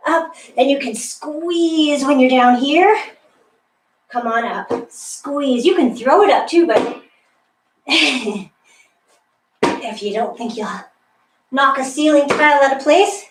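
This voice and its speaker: A high-voiced woman leads a workout class, upbeat and encouraging, a little out of breath as she counts reps. She sounds a bit away from the mic in an echoey room, with faint noise behind her. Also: far from the mic. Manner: upbeat, encouraging, laughs often. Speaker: fitness instructor. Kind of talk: guided workout instruction. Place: room with a wall and ceiling tiles, indoors.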